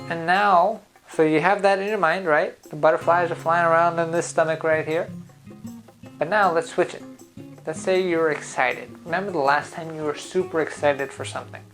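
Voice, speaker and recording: A man's voice: on the high side, rough recording. A man who founded a driving school gives an upbeat, coaching talk straight to his viewers. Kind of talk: motivational talk to camera.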